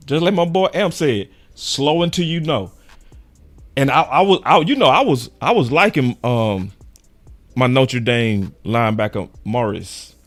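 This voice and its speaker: A young man hosting a sports show in casual, animated chat, full of slang and quick laughs. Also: medium pitch. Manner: animated, slangy, laughs often, quotes fans in raised voice.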